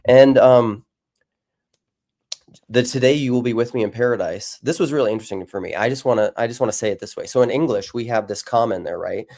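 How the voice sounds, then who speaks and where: A man's voice: medium pitch, fast talker, a little mellow. A man hosting a live discussion on theology, thinking aloud with frequent restarts and reading out viewer comments. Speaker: podcast host.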